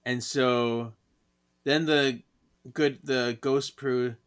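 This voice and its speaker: A man co-hosting a podcast, retelling a comic in casual chat, relaxed and hesitant with drawn-out fillers. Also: mid-range voice, clean tone. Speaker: podcast co-host.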